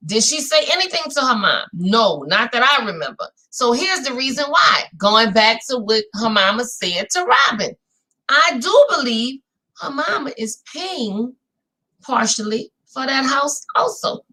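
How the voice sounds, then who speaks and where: A recap host from New Orleans, Louisiana, chats casually about a reality show, addressing viewers as "y'all" in a lively, talkative way. Her New Orleans-accented voice is on the high side, with a measured pace.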